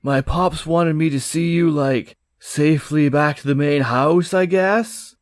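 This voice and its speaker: A man's voice: on the high side, unhurried, no echo, studio quality, natural voice. A man voicing a dim, drawling teenage prince who talks like a valley surfer dude. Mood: laid-back. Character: dim surfer-bro teen Hunnish prince.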